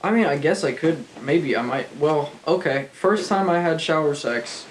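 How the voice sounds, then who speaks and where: Lively man chatting, faint background hiss. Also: a little high, moderate pace, reverberant, rough recording. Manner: reacts with laughs and short quips. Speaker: podcast co-host. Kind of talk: casual chat.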